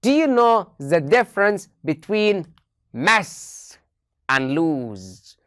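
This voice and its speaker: A woman's voice: lowish voice, very animated, drawn-out words, dry recording, clean studio sound. A woman teacher gives an online English lesson, asking her students many questions and repeating key phrases.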